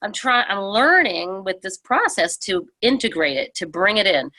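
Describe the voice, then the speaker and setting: A woman on a group video call who shares personal reflections in a thoughtful, halting way. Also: mid-range voice, sing-song, pushed and bright, dry recording. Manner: thoughtful, halting, with many fillers. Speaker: book study participant. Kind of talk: casual reflective sharing.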